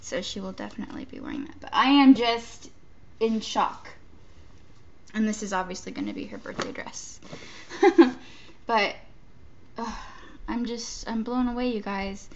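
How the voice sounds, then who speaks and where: A woman's voice: mid-range voice, fairly even intonation, a little slow, long pauses, dull audio, a little hiss or hum. A woman chatting casually while opening a gift box, gushing and stammering between giggles. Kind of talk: casual unboxing chat. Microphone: off-camera, not shown.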